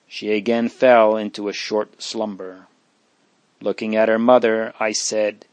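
A man reading aloud an old religious story in a measured, solemn way. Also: lowish voice, flat delivery, darkish tone, no room sound. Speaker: narrator.

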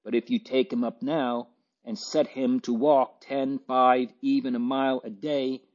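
A man voicing an excitable, warm-hearted landlady, emphatic and near tears, on a dull lo-fi recording. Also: mid-range voice, a little slow, pitched above the performer's own voice, lightly acted. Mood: fervent.

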